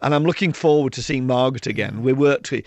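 A man's voice: medium pitch, fast, dry recording. A man, an author and public speaker, telling anecdotes in an interview and mimicking the people in his stories.

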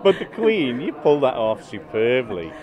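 A man's voice: medium pitch, sing-song, moderate pace, highs cut off, a crowd in the background. A man reporting on a concert, chatting with performers after the show. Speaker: radio reporter. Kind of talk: on-the-spot interview.

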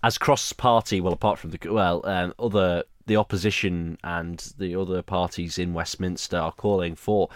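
A man's voice: deep voice, steady tone, normal speed, few pauses, no echo, clean studio sound. A man co-hosting a casual political chat show, with playful, cheeky banter. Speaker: co-host.

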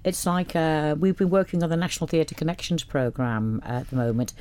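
Woman on a radio show telling a rambling story, lowish voice, lively. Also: brisk, clear, resonant tone. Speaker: radio guest, youth arts head. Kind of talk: radio interview.

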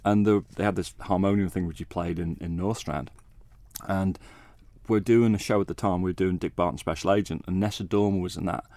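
A man, a bass player, chatting as a radio guest in a modest, rambling way, acting out what others said to him. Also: fairly even intonation, fairly quick, mellow, no room sound. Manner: modest, rambling, acts out quoted talk. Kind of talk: casual interview chat.

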